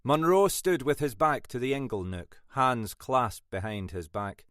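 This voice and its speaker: A man narrating a mystery thriller audiobook in a measured, dramatic storytelling manner. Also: mid-range voice, very animated, fairly bright tone, no room sound, clean studio sound. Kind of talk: scripted narration.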